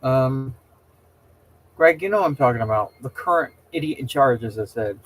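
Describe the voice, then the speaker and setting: Hosting a casual chat for viewers, a middle-aged man talks in a rambling, opinionated way, often tripping on words and beginning sentences again. His mid-range voice is animated and moves at a normal speed, over a rough recording with a little hiss or hum.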